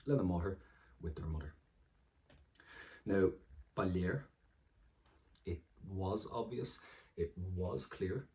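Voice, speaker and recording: A man's voice: low-pitched, expressive, takes it slowly, long pauses, a little mellow. A man with an Irish accent, teaching exam vocabulary and explaining each word in turn in an encouraging way. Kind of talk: exam-prep lesson.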